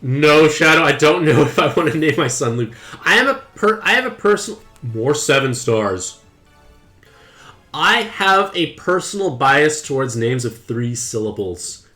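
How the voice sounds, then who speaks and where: A young man chatting playfully to his viewers while streaming a mobile game, with excited outbursts. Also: fairly high pitch, measured pace, soft background music. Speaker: gaming streamer. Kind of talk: casual game commentary to live chat.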